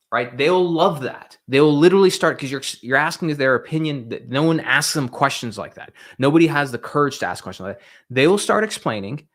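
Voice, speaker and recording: A man's voice: a little high, a bit bright. A man giving casual, emphatic coaching on sales tactics, checking in with the listener as he talks and acting out scenes as he moves around a room. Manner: emphatic, demonstrates with role-play, frequent "right?" and "okay?". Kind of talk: casual instructional talk.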